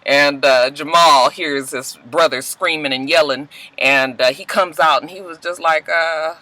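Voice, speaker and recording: Male TV recapper, chatty, slangy, bright forceful tone. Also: on the high side, a little slow, low-quality recording. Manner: animated, salty slang, constant 'you know' asides. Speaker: TV show reviewer. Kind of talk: casual episode recap.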